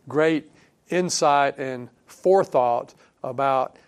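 A male preacher giving a sermon in a conversational way, thinking aloud with fillers and restarts and quoting scripture in a softer voice. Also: medium pitch. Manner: quotes scripture in a softer, dropping voice.

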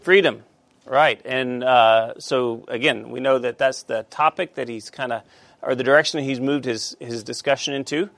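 A man teaching a Bible study class, halting with many fillers and asking the class questions. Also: medium pitch, creaky, fairly bright tone, no room sound.

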